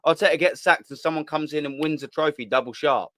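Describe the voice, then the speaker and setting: A man's voice: a little high, fast, a bit bright, no room sound. Heated young man ranting, dry close sound. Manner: heated, ranting, repetitive, swears. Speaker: host of a live fan channel. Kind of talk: live-stream rant reading the chat.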